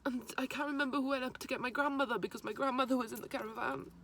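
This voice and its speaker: A young woman speaks straight to camera, recounting a painful memory. Her voice sits a little high, and she often breaks off and starts her sentences again. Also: steady tone, vocal fry, a bit bright, slight background noise. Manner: halting, emotional retelling with restarts. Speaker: vlogger. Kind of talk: personal storytelling to camera.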